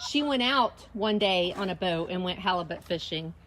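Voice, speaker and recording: A woman's voice: fairly low pitch, expressive, normal speed, a bit bright, slight background noise. A woman chatting casually to camera while doing chores outdoors, laughing often. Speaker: vlogger, homesteader. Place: outdoors by a chicken coop. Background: chickens and a rooster.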